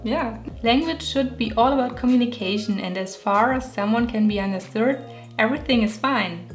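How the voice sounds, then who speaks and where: A woman's voice: on the high side, normal speed. Young german lady w/ german accent, chatty and joking at herself, bit of music in the back. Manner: playful, self-mocking, laughs often. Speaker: illustrator and vlogger. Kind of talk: talking over a speed painting video.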